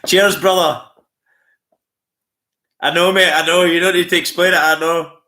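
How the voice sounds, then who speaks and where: A man's voice: on the high side, flat delivery, fast talker, bright, forceful tone. A Scottish man chatting casually on a live stream, swearing freely and laughing often as he answers viewers. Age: adult with school-age kids.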